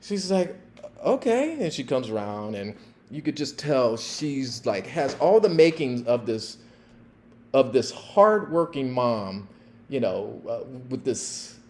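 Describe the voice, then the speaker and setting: A man in his fifties tells a personal story, casual and animated. His voice is warm and mellow, sitting at an ordinary pitch, and he slips into the voices of the people in his tale. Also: slow pace. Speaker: podcast host, former police officer.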